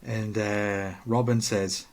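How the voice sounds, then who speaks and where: A man's voice: lowish voice, little pitch movement, slow. A man, co-hosting a casual podcast chat, joking and reading out viewer comments. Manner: chatty, joking, reads out comments. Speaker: podcast co-host.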